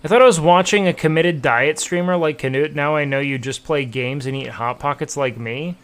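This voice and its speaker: A man's voice: on the high side, normal speed, clean tone. A young man streaming a game, chatting to viewers casually with profane, playful trash talk. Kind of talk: casual gameplay commentary.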